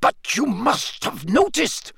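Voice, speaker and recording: Guy doing a nervous headmaster voice, mumbly and pushy, kinda high and drawn out. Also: very animated, takes it slowly, creaky, husky, no echo, clean studio sound, full character voice. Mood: urgent agitated. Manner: hushed, barely moving lips, urgent.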